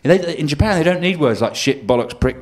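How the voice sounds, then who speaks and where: Stand-up comic with a lively voice. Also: male voice, on the high side, fairly quick. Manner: deadpan asides that break into acted rants. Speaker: stand-up comedian. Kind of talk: live stand-up routine. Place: comedy venue stage. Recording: live album with loud crowd laughter and noise.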